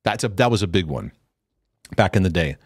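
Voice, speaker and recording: A man's voice: low-pitched, brisk, slightly rough, no room sound, clean studio sound. A middle-aged man, a former youth pastor, telling stories in casual teaching talk and acting out the quotes. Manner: animated storytelling with acted quotes and restarts.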